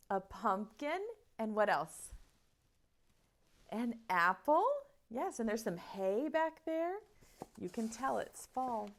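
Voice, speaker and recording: Slow, sing-song preschool teacher woman. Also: a little high. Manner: slow, sing-song storytelling voice that asks children questions. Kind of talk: online circle time, reading a picture book aloud.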